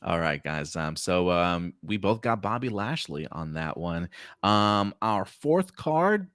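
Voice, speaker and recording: A man's voice: low voice, very animated, slow pace, fairly bright tone, no room sound, studio quality. A man hosting a casual prediction podcast, talking in a laid-back, rambling way with many fillers. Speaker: podcast host. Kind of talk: casual chat.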